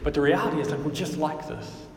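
A male pastor preaches in a chatty, conversational way, his slightly high voice steady and fast, peppered with fillers like "like" and "right?". The mic sits at a distance in an echoey hall, with a little hiss or hum.

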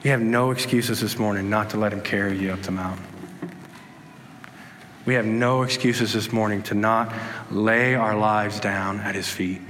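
A man preaching a sermon, earnest and animated, acting out pleading voices and calm replies. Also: on the low side, slight background noise. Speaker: pastor. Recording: reverberant hall with faint ambience.

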